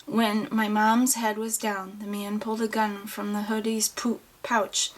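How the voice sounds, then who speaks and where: A woman's voice: medium pitch, level tone, a little slow, hardly any pauses. A woman reading a first-person novel aloud in an audiobook, with plain, unpolished delivery and small restarts. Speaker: audiobook reader.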